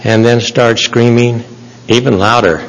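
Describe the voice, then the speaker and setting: A man, a state representative, telling a short anecdote during floor debate in a legislative chamber, slow and deliberate with long pauses. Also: medium pitch, fairly even intonation, rough recording.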